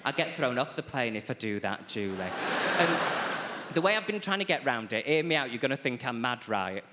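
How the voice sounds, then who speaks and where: A man, doing a stand-up routine on a theatre stage with animated, camp storytelling and sharp asides. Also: mid-range voice, a little fast, background noise. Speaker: stand-up comedian. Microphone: handheld stage mic. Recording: roomy live theatre sound. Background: audience laughter.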